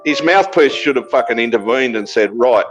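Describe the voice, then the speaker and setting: A man's voice: medium pitch, expressive, moderate pace, rough recording. A man with an Australian accent talking casually on a livestream, profane and blustering, repeating his points. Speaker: livestream participant. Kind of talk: casual chat. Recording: loud background music.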